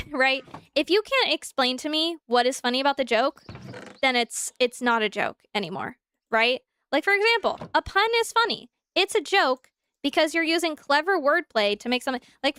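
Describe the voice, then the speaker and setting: A woman's voice: high-pitched, no echo, studio quality. A young adult woman streamer chatting casually and animatedly, answering her chat while she plays. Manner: animated, talks through examples, answers chat.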